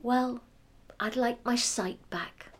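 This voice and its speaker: A woman voicing a gentle, hopeful old blind mother who speaks wistfully. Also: a little high, slow, pitched above the performer's own voice.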